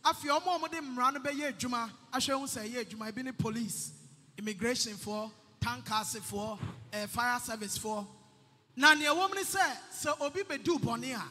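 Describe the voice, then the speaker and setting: A man interprets a sermon, calling out each phrase loudly and with energy. His voice is very high and bright. A long reverb from the church hall trails behind every phrase. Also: normal speed, soft background music.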